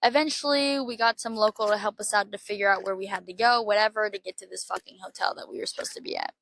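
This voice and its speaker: A young woman from Florida telling a travel story in a casual, animated, heavily profane way. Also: medium pitch, fast, creaky. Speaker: podcast host.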